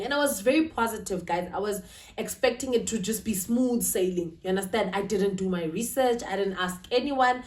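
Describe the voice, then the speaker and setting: Woman vlogger, confiding and emotional, mid pitch, mic set back in an echoey room. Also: normal speed. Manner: emotional, confiding, checks in with "right?". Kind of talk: casual talk to camera. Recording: roomy, slightly distant.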